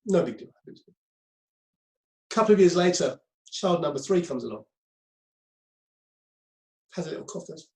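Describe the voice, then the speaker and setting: A man's voice: fairly high pitch, animated, measured pace, long pauses, a little mellow. Man lecturing in an echoey room. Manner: conversational, repeats himself, many ums. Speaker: crisis management trainer. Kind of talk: lecture to a group.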